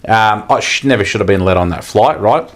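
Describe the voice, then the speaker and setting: A man's voice: lowish voice, a little fast, fairly bright tone. A man in his thirties with an Australian accent, telling a long story in casual, rambling chat on a podcast and swearing freely. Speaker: podcast co-host.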